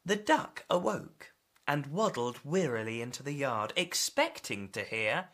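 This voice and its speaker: A woman reading a picture book aloud to children with an expressive, animated delivery. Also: deep voice, measured pace. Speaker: storyteller.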